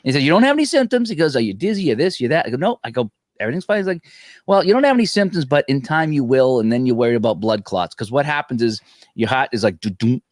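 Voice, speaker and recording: A man's voice: medium pitch, dry recording, studio quality. A man co-hosting a live gaming show, casually telling a long personal story, laughing often and acting out what other people said. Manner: animated, laughing, acts out other people's lines. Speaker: podcast co-host.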